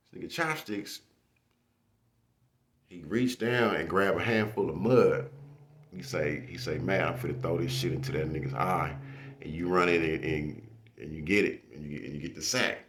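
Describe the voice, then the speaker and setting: Animated young man telling a story. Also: low-pitched, unhurried, long pauses. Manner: animated, laughing, with acted-out shouts. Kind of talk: casual storytelling. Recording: echoey room.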